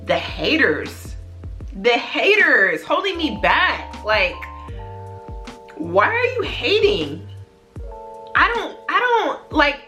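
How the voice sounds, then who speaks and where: Woman vlogging a heartfelt pep talk, bright clear voice, soft music under it. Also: medium pitch. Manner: earnest, repetitive, emphatic. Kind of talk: heartfelt motivational talk to camera.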